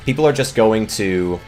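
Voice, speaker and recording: A man creating gaming videos, ranting off the cuff in a rambling, exasperated way, full of restarts and fillers. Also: lowish voice. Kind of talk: off-the-cuff commentary rant.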